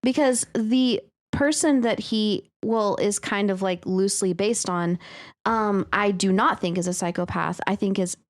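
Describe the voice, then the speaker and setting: A woman co-hosting a podcast, chatting casually and often pausing to search for words. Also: mid-range voice. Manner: chatty, searches for words, uses many fillers. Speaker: podcast co-host. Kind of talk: casual chat about reader stories.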